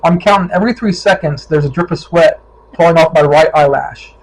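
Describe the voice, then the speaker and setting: A man's voice: a little high, a little fast, rough recording. A middle-aged man from Ohio, a touring cyclist, telling stories from his ride in a casual vlog and acting out the people he met. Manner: animated storyteller, acts out quoted voices.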